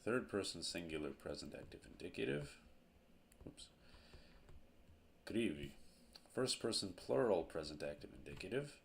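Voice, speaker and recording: A man teaching a grammar lesson at a board, slow and deliberate, repeating each verb form. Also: sits low, sing-song, gravelly, a little hiss or hum.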